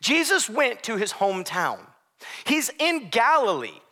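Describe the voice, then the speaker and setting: A man's voice: very high-pitched, wildly swooping pitch, a little slow, bright, forceful tone. A young adult man preaching a sermon as pastor, conversational with joking asides.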